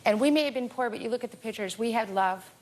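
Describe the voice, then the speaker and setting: A woman's voice: fairly high pitch, fast talker, a little mellow. A woman, a mother appearing as a talk show guest, telling her story in an impassioned, indignant way. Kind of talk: emotional personal testimony.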